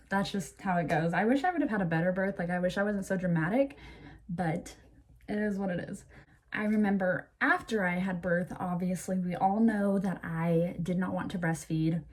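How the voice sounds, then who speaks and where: A young woman talking casually to camera in a storytime vlog, full of fillers and "like", getting animated when she quotes people. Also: lowish voice. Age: young adult. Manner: chatty, lots of fillers and "like"; animated when quoting others. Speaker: vlogger.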